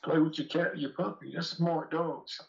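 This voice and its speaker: A man as an interview guest, telling long, rambling, profane stories in rough street talk. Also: fairly high pitch, steady tone, moderate pace. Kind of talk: casual storytelling interview. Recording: dull lo-fi audio.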